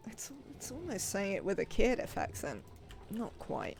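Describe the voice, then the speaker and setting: A woman's voice: medium pitch, wildly swooping pitch, moderate pace, vocal fry, darkish tone, a little hiss or hum. A woman, chatting and rambling to herself as she plays a game on a live stream. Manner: chatty, rambling self-talk while playing.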